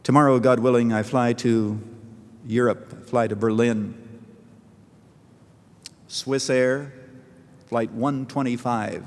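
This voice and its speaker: A man's voice: mid-range voice, fairly even intonation, slow, long pauses, big-room sound. A man preaching a sermon as a pastor, telling a story earnestly and pressing hard on key phrases.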